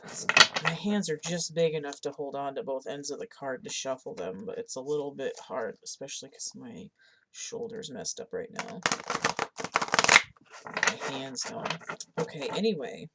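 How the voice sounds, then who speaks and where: A woman's voice: very deep voice, moderate pace. A woman doing a casual card-of-the-day tarot reading, chatting and thinking aloud as she shuffles and looks at the cards. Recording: audible background noise.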